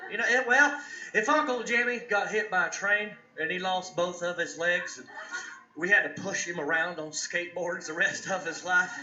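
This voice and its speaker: A man's voice: high voice, normal speed, sharp tone. A man doing a stand-up comedy set on a club stage, telling stories and laughing along. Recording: roomy, dull club recording.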